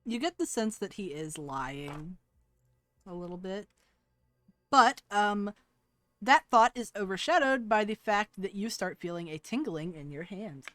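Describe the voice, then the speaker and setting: A woman's voice: medium pitch, a little slow, a bit bright. A woman narrating as game master in a tabletop game, easygoing with hesitant fillers.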